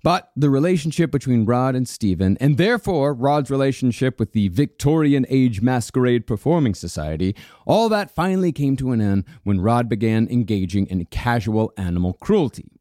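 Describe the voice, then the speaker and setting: A man's voice: medium pitch, moderate pace, hardly any pauses, no room sound, studio quality. A man co-hosting a podcast, telling a story in a casual, profane way and laughing often. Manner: animated, swears freely, laughs often. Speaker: podcast co-host narrating a story.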